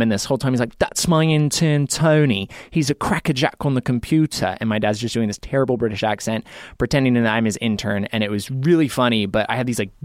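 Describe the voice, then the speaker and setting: A man's voice: medium pitch, dry recording. A man hosting a podcast in a casual chat, rambling and self-deprecating, with lots of filler words, on a studio mic. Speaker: podcast host.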